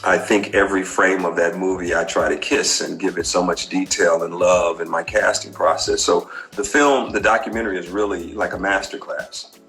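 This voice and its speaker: Middle-aged man, slightly low voice, animated storyteller, faint music behind. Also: normal speed, poor audio. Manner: animated storyteller, acts out quotes. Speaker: filmmaker guest. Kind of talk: interview storytelling.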